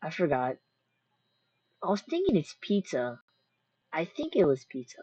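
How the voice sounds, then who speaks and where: A woman's voice: sits low, huge pitch swings, a little slow, dark tone, breathy edge, dry recording, highs cut off. A woman chatting casually while she reacts to a scary video, rambling and cracking jokes with many restarts. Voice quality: rambling, jokey, self-interrupting.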